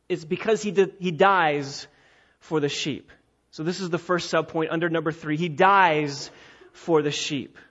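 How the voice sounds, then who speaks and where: A pastor with a high, light voice preaches an expository sermon, moving point by point through his teaching. He leans hard into key words, lifting his voice higher and louder for emphasis. The recording sounds dull and lo-fi. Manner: emphatic, building to raised pitch and volume on key words.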